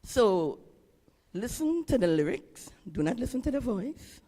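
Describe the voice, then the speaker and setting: A woman from Trinidad and Tobago with a Trinidadian accent, a calypsonian introducing her song from a ceremony stage in an earnest, halting way. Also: on the high side, sing-song, mellow, big-room sound. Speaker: calypsonian and guest performer.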